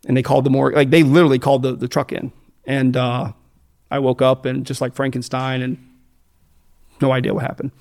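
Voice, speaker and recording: American man, gravelly voice, blunt and profane, rambling storyteller. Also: mid-range voice, flat delivery, brisk, long pauses, a little mellow. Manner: blunt, profane, rambling with many fillers and restarts. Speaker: guest telling his addiction story. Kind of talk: candid storytelling interview.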